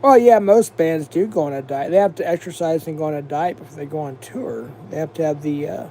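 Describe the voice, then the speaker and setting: Man from the US, livestream host, casual profane rant, rambling, mellow tone. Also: fairly high pitch, fairly quick, slight background noise. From United States.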